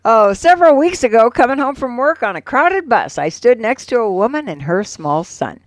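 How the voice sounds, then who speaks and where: A woman co-hosting a radio show, reading an old poem and jokes aloud with lively expression. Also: a little high, moderate pace, dry recording.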